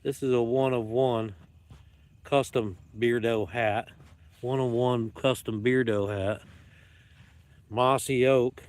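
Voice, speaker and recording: A man's voice: medium pitch, steady tone, slow pace, long pauses, a little mellow. Playful rambling man vlogging outdoors. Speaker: YouTube vlogger. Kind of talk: casual joking vlog talk. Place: outdoors at dusk with dogs around.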